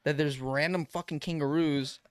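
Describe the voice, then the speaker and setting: A young man co-hosting a podcast in casual chat, excitable and quick, dropping "bro" often. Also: fairly high pitch, clear, resonant tone, no echo. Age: young adult. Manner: excitable, says "bro" a lot. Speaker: podcast co-host.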